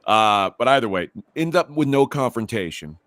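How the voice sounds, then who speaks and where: A man's voice: medium pitch, lively intonation, moderate pace, a bit bright, no echo. A middle-aged man hosting a podcast, telling a rambling story with many restarts and growing heated. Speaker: podcast host. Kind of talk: casual storytelling.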